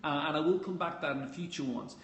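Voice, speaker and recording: A man's voice: on the high side, fast. Blunt man coaching, echoey room. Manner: blunt, casual, swears freely. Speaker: dating coach. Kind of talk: live-stream coaching talk. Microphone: phone live stream. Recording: echoey room with faint ambient noise.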